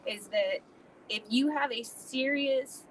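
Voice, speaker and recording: A woman's voice: sits high, takes it slowly, a little hiss or hum, poor audio. A woman co-hosting a podcast in casual chat, blunt and emphatic, swearing freely. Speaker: podcast co-host.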